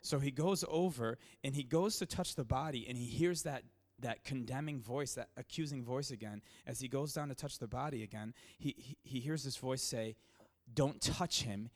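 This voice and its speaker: A man, a pastor, telling a story in a sermon. He talks casually with many fillers and restarts, and gets louder and more excited at the dramatic moments. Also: medium pitch, normal speed, hardly any pauses.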